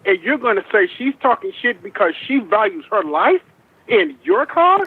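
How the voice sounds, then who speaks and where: A high-pitched man with a husky, breathy voice lectures the hosts in a scolding tone. He calls in, and his voice comes through thin and tinny, like a phone line. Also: big pitch swings, normal speed, dry recording. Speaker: caller. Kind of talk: call-in comment.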